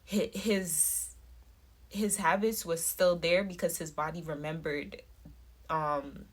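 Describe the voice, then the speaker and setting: A woman's voice: sits low, fairly bright tone. A woman vlogger talking casually to her phone camera, rambling with many fillers and restarts.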